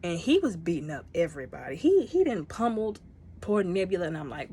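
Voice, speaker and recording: A woman casually reviewing a movie, chatty and emotional, talking straight to her viewers and acting out the characters' lines in quick bursts. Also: on the low side, very animated, dark tone, husky.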